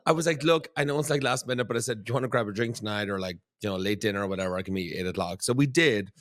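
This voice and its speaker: A man's voice: on the low side, very fast, dry recording. Irish-born man telling dating stories. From Ireland. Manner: animated storytelling, swearing, frequent "like". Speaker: podcast host. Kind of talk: casual chat.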